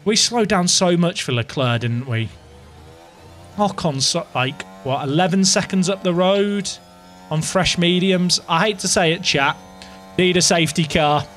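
A young man giving live, excitable commentary to his viewers while playing a game, dramatic and self-mocking. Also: high-pitched, unhurried, faint music behind. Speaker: game streamer.

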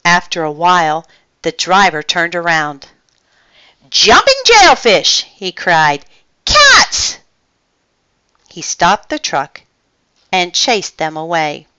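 A woman reading a children's picture book aloud with expressive storytelling. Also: fairly low pitch, slow pace, clean tone, dry recording, highs cut off.

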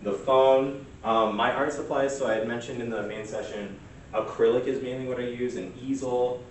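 A man presenting at a workshop in a relaxed, chatty way, full of fillers. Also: medium pitch, normal speed, slight background noise. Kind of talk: casual workshop talk. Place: church meeting room. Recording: echoey room recorded from far off.

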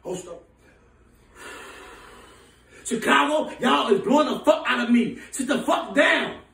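A man playing a furious, foul-mouthed woman who runs a big city, ranting in shouts and laughter. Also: extremely high pitch, lively intonation, unhurried, vocal fry, full character voice. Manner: shouting, profane, laughing rants. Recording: echoey room, voice from far off.

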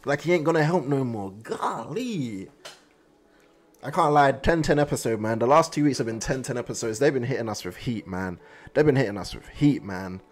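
A man hosting an anime reaction video, talking in an excitable, slangy way straight to his viewers. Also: medium pitch, fast, faint music behind. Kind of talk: casual reaction commentary.

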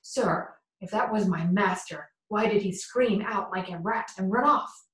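A woman's voice: mid-range voice, unhurried, fairly bright tone, natural voice. Woman reading as a frightened loyal male butler. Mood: fearful. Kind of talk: audiobook character voice. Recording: roomy echo.

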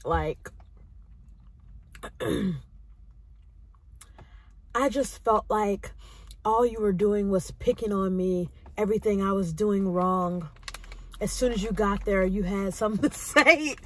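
This young vlogger has a medium-pitched voice with a breathy edge, and she takes her time, leaving long pauses. Still, her storytelling to the camera is animated and sassy, and she acts out the people she quotes.

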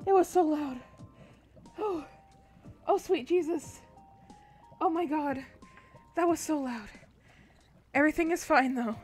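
A sleep-deprived woman streaming a game, chatting casually and breaking into loud startled yelps. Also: sits high, slow, long pauses, faint music behind. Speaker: gaming streamer. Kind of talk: casual livestream chat.

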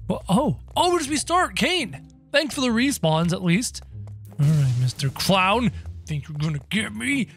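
Animated, playful gaming narrator. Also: mid-range voice, unhurried, soft background music. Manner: animated, playful, bursts into yelps and laughter. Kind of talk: excitable let's-play commentary in character.

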